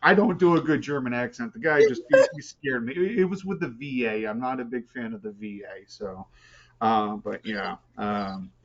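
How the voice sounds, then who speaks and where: A man speaks casually on a video call, with lots of pauses, fillers and restarts. His voice sits at an ordinary pitch. The call audio is somewhat muffled. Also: lively intonation. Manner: hesitant, many fillers and restarts. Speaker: support group member.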